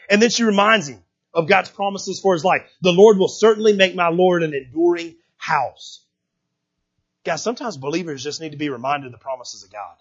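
A man's voice: sits high, breathy edge, muffled recording. A man preaching a sermon in a conversational way, often repeating words and checking in with the congregation. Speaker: pastor.

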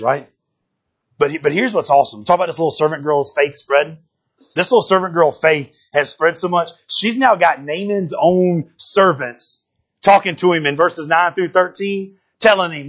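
A man preaching a sermon, animated and full of call-and-response, asking "right?" again and again. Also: high voice, moderate pace, pauses often, breathy edge, dull audio. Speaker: pastor. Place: church sanctuary.

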